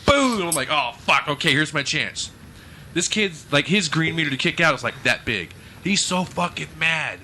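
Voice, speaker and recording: Man, podcast co-host, swears constantly, tense bright voice, acts out rants. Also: fairly high pitch, expressive, normal speed, slight background noise. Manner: profane, acts out shouted trash talk. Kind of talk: casual chat, animated storytelling.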